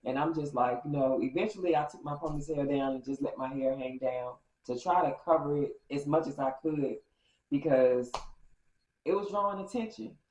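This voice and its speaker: A woman telling a casual storytime story, animated and acting out each exchange with swinging pitch. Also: moderate pace. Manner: animated, acts out dialogue with lively pitch swings. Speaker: storyteller vlogger. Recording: roomy, slightly dull recording.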